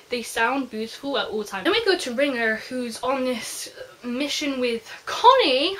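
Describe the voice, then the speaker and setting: A young woman talks through a book as an eager fan would, her voice sitting a little high. She rambles casually with plenty of "like" and asides. A faint hiss runs under the recording. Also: lively intonation, moderate pace, fairly bright tone, poor audio. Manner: chatty, gushing fan, lots of "like". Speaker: book reviewer. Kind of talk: casual spoiler book review.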